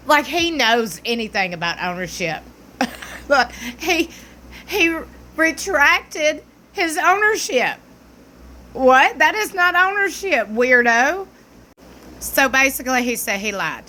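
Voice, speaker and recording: A woman's voice: high-pitched, very animated, slow, pushed and bright, a little hiss or hum. A woman with a Southern US accent giving blunt, mocking commentary as a vlogger. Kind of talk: opinionated commentary.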